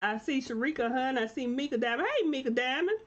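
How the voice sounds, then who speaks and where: Speaking fast in a high-pitched voice over dull-sounding audio, this live-stream talk show host welcomes viewers by name. She encourages them warmly, like a preacher rousing a congregation.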